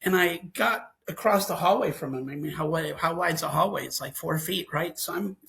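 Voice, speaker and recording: A man's voice: fairly high pitch, brisk, creaky. A man telling a personal ghost story in casual conversation, acting out the dialogue and laughing now and then. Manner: animated, acts out the dialogue, laughs often.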